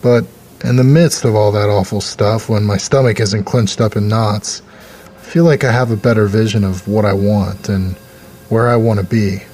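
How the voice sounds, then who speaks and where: A man's voice: fairly low pitch, fairly even intonation, normal speed, darkish tone. A man hosting a fiction podcast, talking casually and reflectively to listeners. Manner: reflective, conversational. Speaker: podcast host. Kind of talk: casual podcast outro chat.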